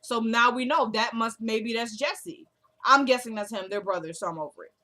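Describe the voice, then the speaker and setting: A woman's voice: a little high, moderate pace, bright, forceful tone. A woman casually recapping a TV episode, chatty and slangy, acting out bits of the characters' dialogue.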